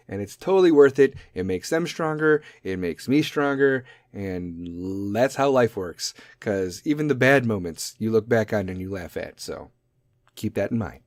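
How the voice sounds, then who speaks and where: A man's voice: lively intonation, normal speed, no room sound. Profane ranting man, dry close sound. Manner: profane, tangent-prone, mimics kids in high squeaky voices. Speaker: podcast host. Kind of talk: profane comedic rant.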